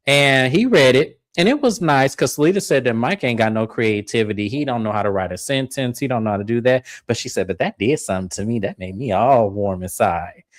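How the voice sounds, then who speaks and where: A man co-hosting a reality TV recap, telling the story in casual chat and jumping into high-pitched impressions of the cast. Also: lively intonation, fairly quick, few pauses, no room sound.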